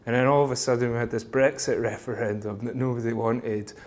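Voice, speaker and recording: An easygoing man from Scotland whose accent has softened over the years, chatting as an interview guest. His voice sits at a middling pitch and he laughs readily between points. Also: steady tone, fairly quick. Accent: softened Scottish. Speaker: fintech company CEO, guest. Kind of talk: casual interview chat.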